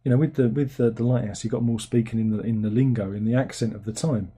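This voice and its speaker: A man with a very dark, mellow and husky voice hosts a casual film review. He rambles sardonically through viewer comments and jumps into incredulous, high-pitched disbelief. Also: fairly even intonation, fast talker. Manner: rambling, sardonic, breaks into incredulous squeaky outbursts.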